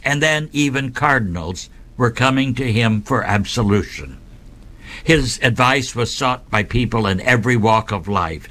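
A man hosting a radio program, reading a devotional story in a measured, reverent way. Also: medium pitch, pushed and bright. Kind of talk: scripted devotional narration.

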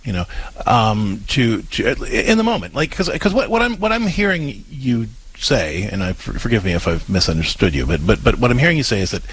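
Male advice co-host, husky, animated intonation, earnest and halting. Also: mid-range voice, no echo, low-quality recording. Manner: earnest, halting with many restarts. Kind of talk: casual advice talk.

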